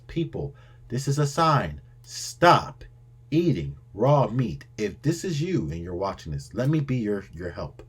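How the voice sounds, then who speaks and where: Exasperated husky man reacting animatedly. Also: mid-range voice, sing-song, unhurried. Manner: exasperated, repeats himself, stumbles over words. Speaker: reaction video host.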